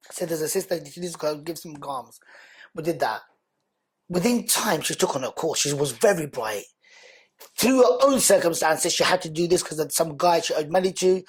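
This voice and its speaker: A man, a podcast guest, telling his story in a lively, conversational way and acting out the dialogue. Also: a little high, moderate pace, slightly rough. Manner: animated, acts out quoted dialogue.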